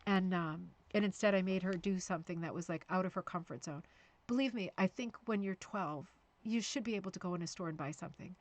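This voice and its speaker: A woman's voice: fairly low pitch, fairly quick. A middle-aged woman hosting a casual live-stream chat about rug hooking, chatty and self-deprecating, with frequent fillers and restarts.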